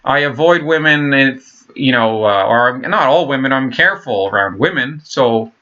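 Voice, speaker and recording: A man's voice: mid-range voice, expressive, normal speed, pushed and bright, muffled recording. Rambling, blunt man in his thirties. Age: 30s. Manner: rambling, blunt, swears, many fillers and restarts. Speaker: vlogger. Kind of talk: casual monologue to camera.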